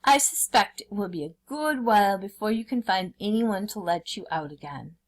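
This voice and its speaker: A woman's voice: mid-range voice, animated, moderate pace, natural voice. A woman doing a dithering, puzzled jackal. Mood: feigned confusion. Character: fussy confused male jackal, sly trickster.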